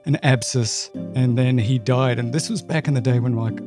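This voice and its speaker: A man's voice: medium pitch, steady tone, moderate pace, over music. A male physician co-hosting a medical education podcast, explaining clinical complications in a plain-spoken way with vivid asides.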